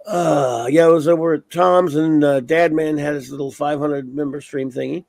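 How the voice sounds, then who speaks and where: A man's voice: a little high, fairly even intonation, normal speed, vocal fry, hardly any pauses, a little mellow, no echo. A man hosting a casual livestream, rambling as he reads off viewer names. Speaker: livestream host. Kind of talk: casual chat.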